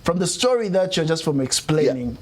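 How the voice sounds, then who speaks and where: A man with a notably high speaking voice, hosting an interview. He poses his questions in long, winding stretches and pauses as he goes. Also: big pitch swings, darkish tone, a little hiss or hum. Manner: asks long, halting questions. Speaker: radio host interviewer.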